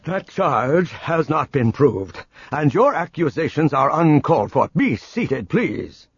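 A man doing a stern, measured chairman. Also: fairly high pitch, big pitch swings, husky, no room sound, muffled recording, pitched above the performer's own voice, exaggerated voice. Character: stern male chairman keeping order.

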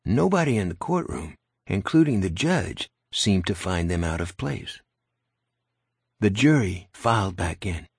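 A man's voice: on the low side, breathy edge, no room sound. A man narrating an audiobook in a dry, wry storytelling manner, close to the mic. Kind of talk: scripted narration.

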